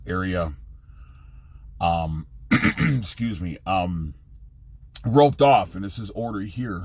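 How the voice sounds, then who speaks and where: A middle-aged man, a truck driver, rambling casually and profanely in his own vlog, jumping from topic to topic. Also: lowish voice.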